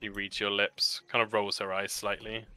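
A man narrating as game master for a tabletop role-play game, describing scenes in a warm, descriptive manner and laughing easily. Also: fairly low pitch, monotone, normal speed, smooth.

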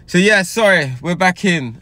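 A man chatting casually as a sidekick, murmuring quiet agreement. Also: high-pitched, expressive, moderate pace, no room sound.

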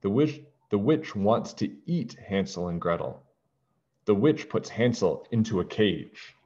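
Male teacher reading aloud to children, deep and lively, lo-fi. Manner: slow, clear and expressive for children. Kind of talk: children's storybook read-aloud. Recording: dull lo-fi recording.

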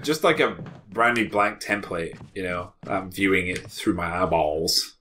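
A man co-hosting a casual gameplay video, teasing his partner in quick banter. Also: low-pitched, sharp tone, slight background noise. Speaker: let's play co-host.

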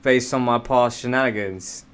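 A man's voice: medium pitch, fairly even intonation, moderate pace, clean tone. Swearing young male gamer streamer. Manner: joking and swearing, yelling during fights. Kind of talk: casual gaming chat.

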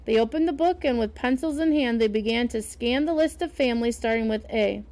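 A woman reading a picture book aloud and pausing to explain the pictures to young listeners. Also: fairly high pitch, darkish tone. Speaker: storyteller.

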